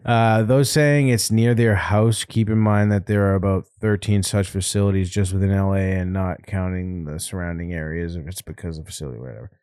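A man with a low, mellow voice trades crude jokes on a podcast and laughs often. His delivery is loose and conversational, recorded close and dry with no room sound. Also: fairly even intonation, brisk, hardly any pauses, clear, resonant tone, no room sound. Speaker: podcast co-host. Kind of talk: casual comedic chat.

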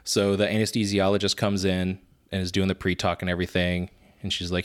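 A man co-hosting a podcast, telling animated stories about being a father and often laughing at his own anecdotes. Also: deep voice, brisk. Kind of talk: casual chat.

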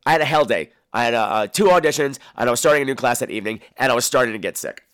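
A man's voice: medium pitch, rapid-fire, clean tone, no echo, clean studio sound. A man hosting a podcast in a casual monologue, telling stories in a campy, theatrical way and swearing freely. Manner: animated, profane storytelling. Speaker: podcast host.

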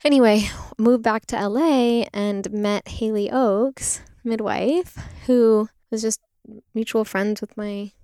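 A young woman telling her story in a casual interview, lively and full of "like", acting out what others said. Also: a little high, takes it slowly, clean tone, no echo, studio quality. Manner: animated storytelling, frequent "like", acts out quoted voices. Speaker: interview guest, doula and product maker.

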